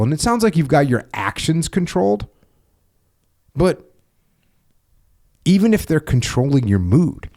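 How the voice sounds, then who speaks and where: A man hosting a podcast, talking bluntly in a casual chat, with drawn-out dismissive grunts. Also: medium pitch, darkish tone. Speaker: podcast host.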